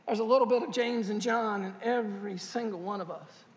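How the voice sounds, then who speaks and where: A male pastor preaching a sermon, animated and joking, with loud bursts. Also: sits high. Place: large church hall. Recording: echoey church hall.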